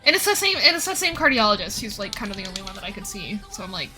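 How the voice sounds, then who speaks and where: A woman's voice: medium pitch, lively intonation, quick pace, few pauses, music in the background. A woman in her twenties streaming, telling stories in a casual chat, acting out the people she quotes and sounding out of breath. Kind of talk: casual chat while gaming.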